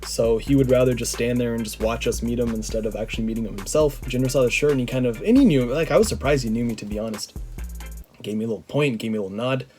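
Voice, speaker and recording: A young man from Canada, a vlogger, telling a rambling, excitable story to camera, full of fillers and restarts. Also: medium pitch, fast talker, soft background music.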